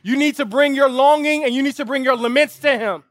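Preaching as pastor at a lawn service held outdoors, this man speaks fairly quickly in an extremely high, somewhat bright voice. His impassioned sermon moves from a vivid family story into emphatic rhetorical appeals he repeats again and again. There's no echo, and the recording has studio quality.

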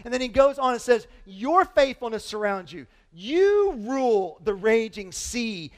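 With a very high voice and a measured pace that leaves few pauses, a man preaches as pastor, reading scripture aloud to his congregation. He's animated, peppering the sermon with rhetorical questions.

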